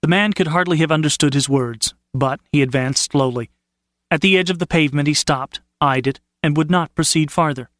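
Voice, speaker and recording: Man narrating an audiobook, slightly high. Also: no echo, clean studio sound. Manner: measured, steady storytelling. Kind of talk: scripted narration.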